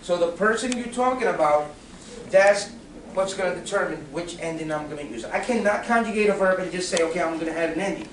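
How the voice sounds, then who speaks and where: Patient male teacher, high-pitched, lecturing in a class, heard from across a reverberant room. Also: brisk, noisy background. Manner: patient, checks for understanding with "okay?" and questions. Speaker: Spanish teacher. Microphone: recorded from across the room. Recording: echoey classroom from a distance.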